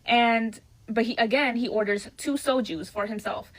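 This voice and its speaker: A woman's voice: fairly high pitch, steady tone, normal speed, a bit bright, rough recording. A young woman bluntly recounting a bad date in a casual, profane storytime. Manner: blunt, profane, exasperated retelling. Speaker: storyteller in a viral video.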